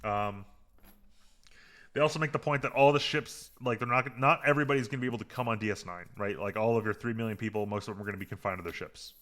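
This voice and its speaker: Brief: male podcast co-host, bright forceful voice, rambling and filler-heavy, quick to get fired up. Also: lowish voice. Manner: rambling, filler-heavy, gets heated and animated. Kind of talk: casual chat recapping a TV episode.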